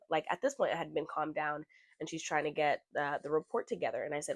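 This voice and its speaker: A young adult podcast host telling a personal story candidly, swearing freely and growing animated when retelling scenes. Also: medium pitch, fairly quick, dry recording.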